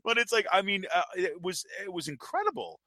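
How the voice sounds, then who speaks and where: A man's voice: high-pitched, big pitch swings, fairly quick, bright, forceful tone, no room sound. A man hosting a casual political chat, rambling and laughing as he talks. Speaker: podcast host.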